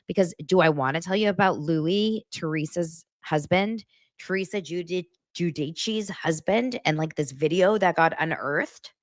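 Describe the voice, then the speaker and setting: A woman's voice: fairly low pitch, a little slow. A woman hosting a casual celebrity gossip vlog, chatting straight to her viewers. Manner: chatty, addresses viewers directly.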